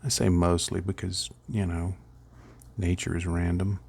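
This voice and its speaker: A man's voice: sits low, little pitch movement, measured pace, gravelly, a little mellow, husky. A middle-aged man casually rambling through a miniature painting tutorial, chuckling at his own slips.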